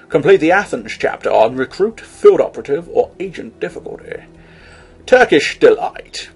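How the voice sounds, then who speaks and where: A man giving casual video game commentary, rambling with jokey asides and the occasional loud outburst. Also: sits high, wildly swooping pitch, moderate pace, long pauses, breathy edge, soft background music. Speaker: let's play host.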